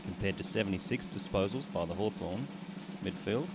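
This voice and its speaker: A man's voice: low voice, a little fast, very noisy. A man, co-hosting a casual football podcast, analytical and stat-driven with dry humour. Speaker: podcast co-host. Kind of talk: casual sports chat.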